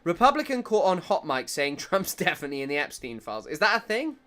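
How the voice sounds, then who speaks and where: Lively bright-voiced man streaming. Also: a little high, fast. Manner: rambling and jokey, laughing often; reads chat comments aloud. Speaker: livestream news commentator. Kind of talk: casual streaming commentary.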